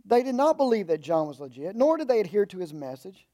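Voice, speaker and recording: A man with a high voice preaching in a relaxed, folksy way, stopping for humorous asides. He stresses points in raised bursts, then drops into low, quiet remarks. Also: quick pace. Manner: shifts between emphatic raised lines and low asides. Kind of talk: conversational sermon.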